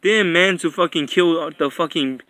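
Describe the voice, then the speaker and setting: A man's voice: on the high side, normal speed, bright, forceful tone, no room sound. A young man giving a rambling, profane, exasperated commentary on an anime episode. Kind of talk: ranting commentary.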